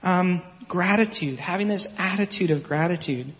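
A man in his thirties giving a relaxed, earnest sermon in a conversational, story-telling way. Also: sits high, normal speed. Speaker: pastor. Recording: long reverb from a large hall.

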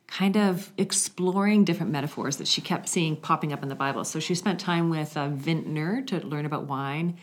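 Low-voiced woman telling a faith story. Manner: storytelling, animated, drops to a hushed voice for quiet moments. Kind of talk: conversational faith reflection.

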